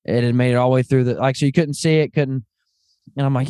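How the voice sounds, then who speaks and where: A man hosting a podcast, telling stories in lively casual chat and calling people "man". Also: medium pitch, fast, clear, resonant tone, dry recording, clean studio sound. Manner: animated storyteller, calls people "man". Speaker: podcast host.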